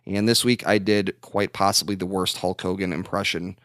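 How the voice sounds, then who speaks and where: A man's voice: low voice, level tone, normal speed, a bit bright, no echo, studio quality. A man co-hosting a podcast, rambling and swearing freely in casual chat. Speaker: podcast co-host.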